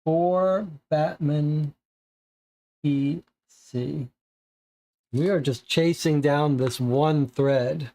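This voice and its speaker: A player reading aloud and thinking out loud through a cooperative detective board game. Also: mid-range voice, drawn-out words. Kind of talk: narrating and musing over a co-op board game.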